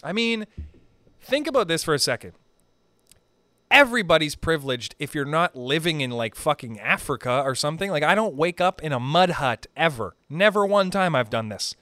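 A young man from Canada doing a rambling, profane stand-up monologue, pushing his pitch up and down for emphasis. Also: sing-song, normal speed, pushed and bright, no echo. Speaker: stand-up comedian.

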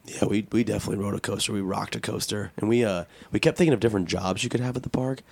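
A young man, a bit hoarse from losing his voice, telling a story in casual podcast chat and acting out quoted lines in a higher voice. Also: racing, no echo. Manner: animated storyteller, acts out quotes with a raised voice. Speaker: podcast host.

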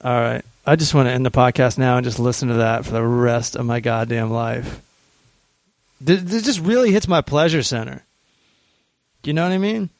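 A man's voice: mid-range voice, normal speed, creaky, dry recording. A man hosting a podcast alone, chatting casually and crudely with a caller, full of jokes. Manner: crude, joking, playful. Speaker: podcast host.

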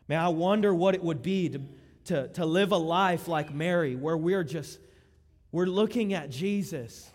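A youth pastor preaches with passion, dropping to a hush and then rising to fervent appeals. His voice sits fairly high for a man. Long reverb rings through the church hall. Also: measured pace. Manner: impassioned, swings between hushed and soaring. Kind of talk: sermon.

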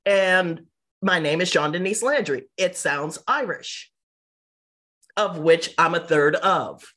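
A middle-aged woman, an interview guest, telling personal stories in a lively, casual way and acting out what people said. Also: fairly low pitch, slow. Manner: animated, mimics people in quotes.

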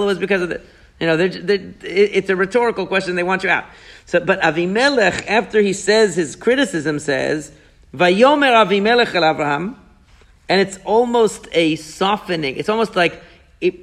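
A man leads a lively Torah study, animated and questioning as he walks his students through the text. His voice sits high and carries a gravelly rasp. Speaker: Torah teacher. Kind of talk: Torah class discussion.

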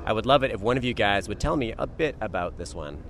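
Male host, soft-spoken, easygoing questions, street interview outside a club. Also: fairly low pitch, expressive, quick pace, a little hiss or hum. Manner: friendly, plain questions, quiet. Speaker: podcast host. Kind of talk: interview hosting.

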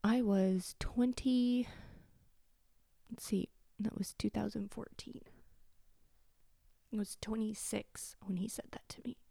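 Solo podcast host, woman in her thirties, tearful, swears freely, mellow tone, dry close sound. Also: mid-range voice, little pitch movement, unhurried, vocal fry, long pauses, slightly rough, no room sound, in a whisper. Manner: candid, blunt, swears freely. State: tearful, sniffling. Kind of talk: confessional solo podcast talk.

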